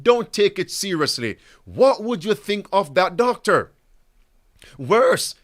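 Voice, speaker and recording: A man with a high voice preaches in an unhurried, deliberate way. He keeps turning to his listeners with pointed rhetorical questions and addresses them as beloved, friends, and brothers and sisters. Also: a bit bright. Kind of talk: preaching commentary.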